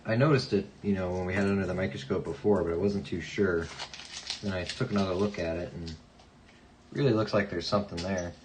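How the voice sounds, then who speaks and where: Young male stream host, low-pitched; relaxed, jokey, murmurs dates while sorting. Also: fairly quick, slight background noise, poor audio. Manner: mutters coin dates softly, chatty asides to viewers. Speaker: coin collecting livestream host. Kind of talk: casual live chat.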